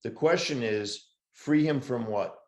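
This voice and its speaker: Male podcast co-host, mid pitch, deadpan and rambling, roomy echo. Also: a little slow. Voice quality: rambling, wry, deadpan storytelling. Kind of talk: casual podcast chat.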